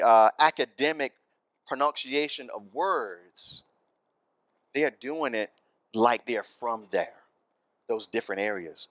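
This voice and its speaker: A man's voice: medium pitch, a bit bright, dry recording. A man preaching a sermon in church, conversational and often asking the congregation questions. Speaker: pastor.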